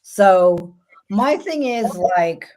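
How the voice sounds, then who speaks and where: A woman with a New York accent and a mellow, expressive, mid-range voice speaks very slowly as the host tarot reader of a casual show. She chats casually, adding wry, rambling asides.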